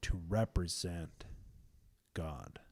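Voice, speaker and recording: A man with a fairly low voice talks through faith in loose, casual podcast chat. He is animated and peppered with "man" and "like", and now and then drops into a hushed, intense tone. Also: drawn-out words, breathy edge. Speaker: podcast host.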